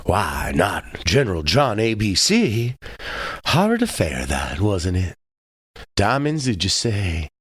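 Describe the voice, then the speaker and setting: A man's voice: on the low side, wildly swooping pitch, slow, breathy edge, no room sound, exaggerated voice. A man voicing a chattering society lady who gossips in scattered, rambling remarks at a card table. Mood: gossipy.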